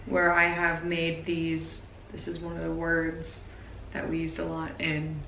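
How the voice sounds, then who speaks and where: A woman in her twenties talking to camera in a personal vlog, nervous and emotional, speaking haltingly. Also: low-pitched, monotone, sharp tone, roomy sound, a little hiss or hum, poor audio. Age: 20s. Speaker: vlogger.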